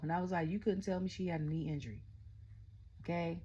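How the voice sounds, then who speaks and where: A middle-aged woman casually recapping a wrestling event, excitable and chatty, constantly retelling her own reactions. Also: low voice, fast talker, husky, muffled recording. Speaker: wrestling show reviewer. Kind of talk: casual rant-style recap.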